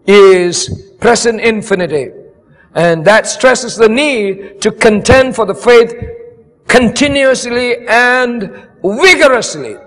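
A man's voice: sits high, fairly bright tone. An older man preaching a sermon as pastor, moving from easy asides to fervent exhortation. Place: church camp meeting hall. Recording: long hall reverb.

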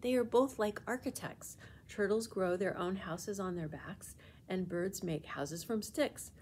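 A woman's voice: mid-range voice, unhurried, darkish tone, a little hiss or hum, close to an everyday voice. A woman voicing an earnest, sheepish young schoolboy in a storybook read-aloud, speaking in a raised, apologetic tone. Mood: explaining.

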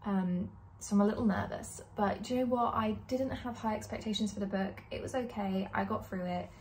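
A chatty young woman in her twenties talks straight to camera in a relaxed vlog. Her speech is candid and rambling, full of fillers. A faint hiss sits under her voice. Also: medium pitch, fairly quick. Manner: chatty, candid, lots of likes and ums. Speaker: book vlogger. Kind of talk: casual chat.

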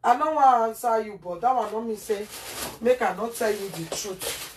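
A woman's voice: a little high, normal speed, far from the mic. Scolding Nigerian Pidgin woman vlogger. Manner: scolding, repeats herself, asks "Eh?" often. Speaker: cooking vlogger. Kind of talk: casual cooking vlog rant. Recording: voice from off the mic, faint noise.

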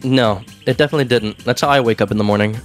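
A man's voice: mid-range voice, rapid-fire, soft background music. A man co-hosting a let's play, casual and dry, teasing his friend. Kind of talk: casual gaming chat.

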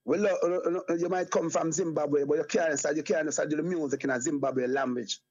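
Husky Jamaican man in rambling patois. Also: on the high side, fairly even intonation, brisk, darkish tone. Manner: rambling patois, repeats phrases like "you get me, I say". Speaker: guest. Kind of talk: casual conversational interview. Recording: dull lo-fi sound.

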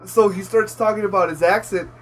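A man co-hosting a casual chat show, talking in a profane, animated way. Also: high-pitched, brisk, slight background noise. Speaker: show co-host.

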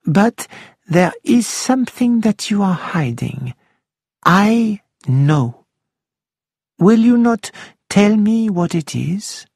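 A shrewd older detective, voiced by a man in an audiobook drama, pressing a witness slowly and deliberately. His voice is slightly high and close to the mic. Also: big pitch swings, creaky, darkish tone, no echo, heavily acted. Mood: insistent. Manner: deliberate, persuasive.

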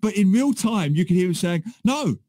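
Animated man co-hosting radio. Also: sits high, fairly quick, slight background noise. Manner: animated storyteller. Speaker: radio co-host. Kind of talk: casual radio chat. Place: radio studio.

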